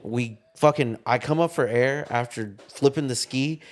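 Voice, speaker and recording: A man's voice: mid-range voice, normal speed. Young man telling a story in a parked car. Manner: animated storyteller, acts out quotes, swears freely. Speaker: podcast co-host. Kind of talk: casual storytelling chat.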